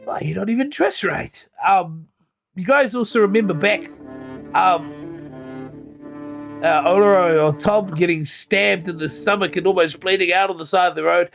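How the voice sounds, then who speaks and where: A man narrating a tabletop game as game master, often halting with fillers. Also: high voice, vocal fry, fairly bright tone, faint music behind.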